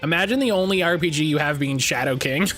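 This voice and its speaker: A man's voice: on the high side, fast, a bit bright, faint music behind. A man commentating a live game stream in a rambling, joking way, often repeating himself.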